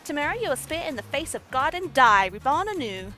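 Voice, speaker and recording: A woman voicing a blunt, grim female killer in a dating game, deadpan. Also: high voice, brisk, soft background music, heavily acted.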